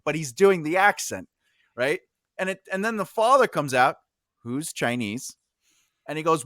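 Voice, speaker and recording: A man hosting a podcast, telling stories in an animated way with lots of fillers and a joking tone. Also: fairly high pitch, moderate pace, no echo, clean studio sound. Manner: animated storyteller, many fillers and restarts, jokey. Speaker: podcast host. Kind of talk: casual podcast conversation.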